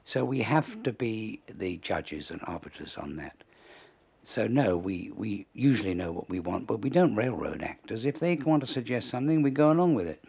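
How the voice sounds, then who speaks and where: Gravelly older man telling stories. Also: fairly low pitch, moderate pace. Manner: lively raconteur, chuckling at own stories. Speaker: comedy writer, interview guest. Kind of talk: anecdotal storytelling.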